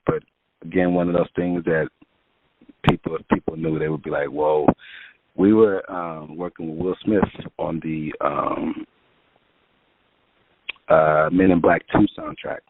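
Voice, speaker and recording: Over a tinny phone-line connection with no room sound, a male music producer guest tells long, rambling interview stories loaded with fillers, his low voice steady and measured in pace.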